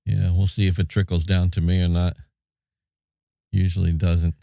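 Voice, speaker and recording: Deep-voiced man giving short replies. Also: little pitch movement, moderate pace, gravelly, dark tone, no room sound, clean studio sound. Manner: brief agreeing replies, light laughs. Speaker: podcast co-host. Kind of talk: casual chat.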